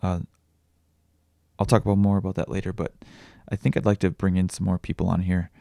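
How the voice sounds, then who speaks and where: A young man speaks in a deep, gravelly voice, halting and raw as he confides in a personal vlog. His tone is dark and mellow, close and dry with no room sound, and he swears freely between restarts. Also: flat delivery, no echo. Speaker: vlogger and podcaster.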